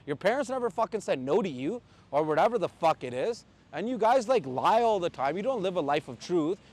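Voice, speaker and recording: A man's voice: sits high, big pitch swings, a little fast, darkish tone. A man from Canada, a truck driver, ranting in blunt, profane casual talk with angry outbursts. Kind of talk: heated casual rant.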